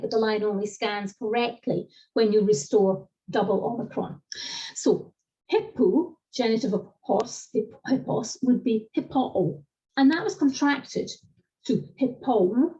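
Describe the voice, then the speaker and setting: Lively woman lecturer on a video call. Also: fairly high pitch. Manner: lively, explanatory, addresses participants directly. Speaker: classics lecturer. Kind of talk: online seminar teaching. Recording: distant, dull lo-fi video call audio.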